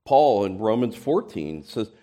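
A man delivers a sermon in a lively, animated voice. His pitch rises and falls widely. He speaks conversationally with restarts, then swells into loud emphatic points before dropping to quiet asides. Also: unhurried. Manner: animated preaching with sudden loud emphatic peaks and soft asides; conversational, repeats words and restarts. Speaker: pastor.

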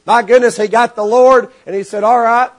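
A man preaching a sermon to his congregation, animated and rising to shouts, acting out the people in his stories. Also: extremely high pitch, moderate pace. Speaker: pastor.

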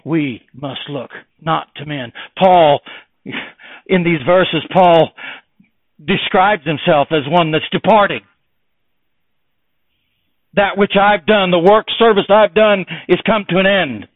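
A man preaching a sermon with impassioned delivery that swings between loud emphasis and hushed tones. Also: sits high, slow pace, long pauses, dry recording. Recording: tinny phone-like, dry.

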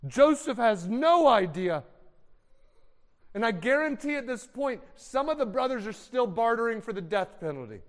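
A man with a high-pitched voice preaches in a dramatic storytelling style, slipping into the voices of the people in the story. His sermon rings out in a hall with a long reverb. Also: sing-song, moderate pace. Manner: acts out scenes with voices for the characters.

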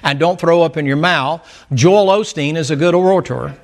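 A man's voice: a little high, normal speed. A man preaching a sermon in a folksy storytelling manner with emphatic asides.

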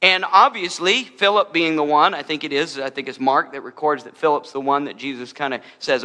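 A man's voice: medium pitch, fairly even intonation, fast talker, hardly any pauses, pushed and bright, long reverb tail. A man preaching a sermon as a pastor, in a conversational style with humorous asides.

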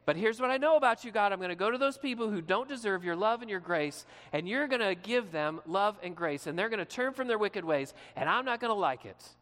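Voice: mid-range voice, expressive, a little fast, few pauses, a bit bright, close to an everyday voice. Resentful male prophet in a sermon retelling, preacher doing the voice, sulky and stubborn, long hall reverb.

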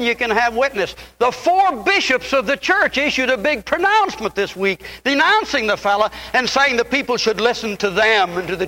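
An older man preaching a fiery sermon, swinging from loud impassioned peaks down to low, quiet asides.

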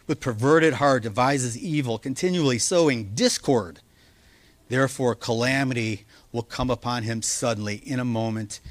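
A male pastor preaching a sermon, earnest and emphatic, slowing down to stress key words. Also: medium pitch, dry recording. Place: church.

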